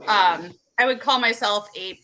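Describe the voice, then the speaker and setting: Give me an upbeat woman guest with a bright, crisp voice chatting casually. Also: mid-range voice, unhurried, poor audio. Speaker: ghost hunter guest. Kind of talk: casual chat.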